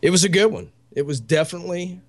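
A man in his thirties with young children, co-hosting a show in casual chat, excitable and rambling, laughing often. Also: sits high, fast talker. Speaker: co-host.

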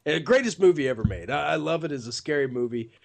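A man's voice: a little high, expressive, fast talker, gravelly. A man co-hosting a paranormal talk radio show, chatting casually, enthusiastic and effusive, often tossing in "man.".

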